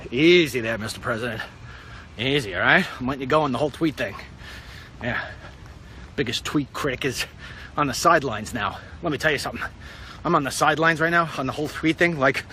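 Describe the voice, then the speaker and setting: A middle-aged man telling a rambling story in a casual vlog, wry and animated. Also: fairly high pitch, fairly quick, long pauses, a little hiss or hum. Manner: wry, animated, puts on silly voices for quotes. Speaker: vlogger.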